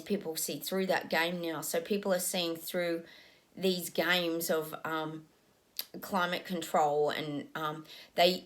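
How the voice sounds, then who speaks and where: A woman with a fairly low voice gives a loose, unscripted psychic reading. She muses aloud with lots of ums, describing images she says she is receiving as they come to her.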